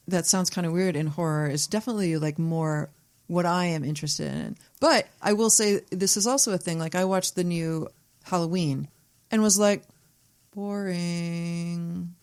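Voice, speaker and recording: A woman filmmaker chatting as a podcast guest, telling stories in an animated way and swearing freely. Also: on the low side, normal speed. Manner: animated storyteller, acts out quotes, swears freely. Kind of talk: casual podcast chat.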